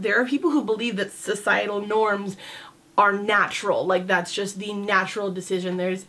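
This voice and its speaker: A woman's voice: mid-range voice, fairly bright tone. Candid, sassy woman vlogging. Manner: candid, chatty, sassy, lots of "like". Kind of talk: casual talk to camera.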